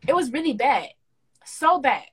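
A young woman co-hosting a casual podcast, telling a story with lively slang and acting out the quoted dialogue. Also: high voice, measured pace. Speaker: podcast co-host.

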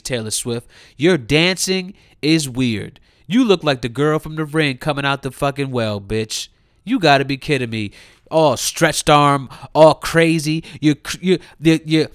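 A man's voice: a little high, smooth, no echo. Heated, cursing young man with a dry voice. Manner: heated, mocking, swinging between loud outbursts and muttered asides. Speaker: commentator. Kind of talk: profane comedic rant.

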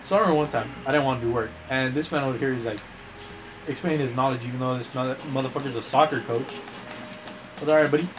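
A man's voice: medium pitch, fairly even intonation, fast, noisy background. A man casually telling long, profane anecdotes to friends, full of slang and acted-out quotes. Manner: profane, rambling anecdotes with slang like bro and dude; acts out quoted lines with voice changes. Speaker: storyteller among friends. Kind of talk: casual chat.

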